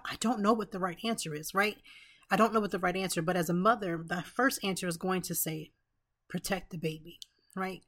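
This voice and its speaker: A woman's voice: on the low side, fairly even intonation, a little fast, fairly bright tone. Earnest woman telling a personal story. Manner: earnest, emotional, with many restarts and asides. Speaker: podcast host.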